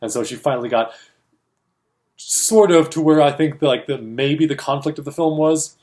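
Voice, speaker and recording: Animated man telling a story casually. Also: on the high side, moderate pace. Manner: animated storyteller acting out quoted voices, laughs often. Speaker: co-host of a film industry show.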